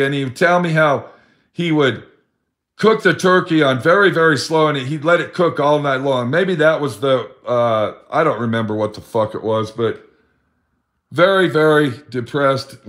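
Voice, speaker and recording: His voice is mid-range and fairly bright. A middle-aged man vlogs a sad, personal tale about a friend, wandering off track, cursing freely, and voicing the friend's quotes himself.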